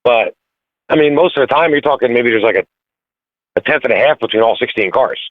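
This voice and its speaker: A man calling in as a guest racer, talking in halting, filler-heavy bursts over the phone. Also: mid-range voice, no echo. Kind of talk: casual phone interview. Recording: tinny phone line, dry.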